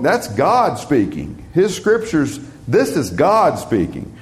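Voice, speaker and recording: Lively-voiced male preacher reading scripture. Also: fairly high pitch. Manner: reads scripture slowly and emphatically, talks plainly between readings.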